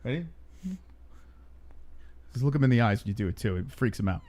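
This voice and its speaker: Teasing man with a lively voice. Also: mid-range voice, brisk. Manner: teasing, animated banter. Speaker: co-host. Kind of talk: casual chat.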